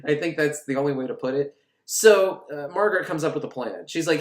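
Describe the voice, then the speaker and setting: A man's voice: fairly high pitch, a little fast, echoey room. A man retelling a film in a casual, comedic way, joking and swearing and laughing often. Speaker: film podcast host.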